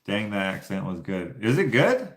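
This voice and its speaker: A man's voice: lowish voice, sing-song, normal speed. A Canadian man telling casual, rambling stories to his viewers, laughing often. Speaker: YouTuber. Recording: echoey room.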